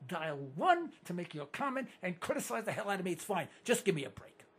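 New talk radio guy going hoarse, husky, ranting, voice jumps all over and goes up high. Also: a little fast. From New York. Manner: animated ranting, mocking voices, sudden loud outbursts. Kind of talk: ranting call-in radio monologue.

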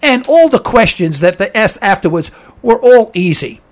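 A man hosting a call-in talk radio show, hoarse with laryngitis, ranting with exasperation and repeating himself. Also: high-pitched, very animated, normal speed.

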